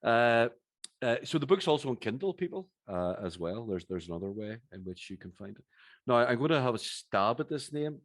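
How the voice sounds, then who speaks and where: A man with a Northern Irish accent interviewing an author at a live event, chatty and halting, with many restarts. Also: medium pitch, very animated, no echo, clean studio sound. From Northern Ireland. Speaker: host, interviewer.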